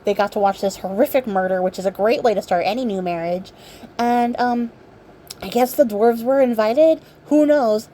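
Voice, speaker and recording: A woman vlogger casually retelling a fairy tale, sarcastic and irreverent, swearing freely and filling pauses with ums. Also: medium pitch, warm tone, a little hiss or hum. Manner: chatty, many ums and likes. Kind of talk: casual storytelling while crafting.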